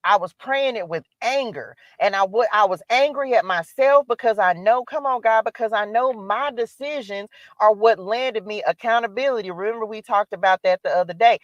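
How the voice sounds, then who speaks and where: A woman's voice: medium pitch, normal speed, hardly any pauses, no room sound. A woman hosting a spiritual live stream, giving an emphatic, preachy motivational talk that repeats its calls to action. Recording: dull lo-fi dry sound.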